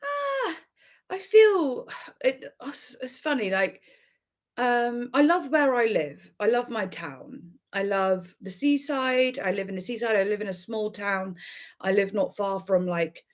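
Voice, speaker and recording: A woman's voice: on the high side, animated, measured pace. Bubbly English woman chatting on a livestream. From Devon, England. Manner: bubbly, rambling, many "like"s, giggly. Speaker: livestream host. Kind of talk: casual livestream chat.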